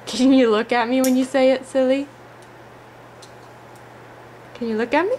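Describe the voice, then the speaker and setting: A parent in a home video, patiently coaxing a toddler in a sing-song way. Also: female voice, high voice, fairly even intonation, a little slow, a little mellow, a little hiss or hum.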